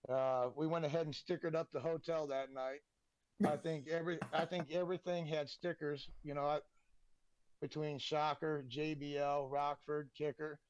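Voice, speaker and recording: A man, a podcast guest telling casual, animated stories and swearing freely. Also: a little high, moderate pace, no echo, highs cut off. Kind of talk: casual storytelling.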